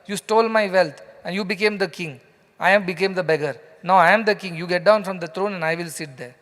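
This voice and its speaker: A wise man dressed as a beggar who makes loud, accusing demands, played by a man with an Indian English accent mid-sermon. The voice is high for a man and rings with long hall reverb. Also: brisk. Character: wise man posing as a ragged beggar, shouting.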